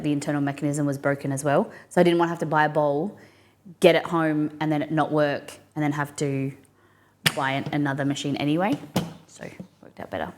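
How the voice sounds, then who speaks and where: A young woman from Australia with a mild, blended Australian accent, chatting casually on a live cooking stream and answering her viewers as she rambles. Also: sits low. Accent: mild Australian, mixed and softened.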